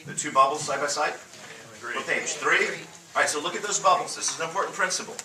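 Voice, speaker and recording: A man's voice: a little high, fairly quick, distant mic, crowd noise. A man teaching a church class, an emphatic and joking storyteller who leads the group in call-and-response. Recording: roomy room mic from afar, faint noise.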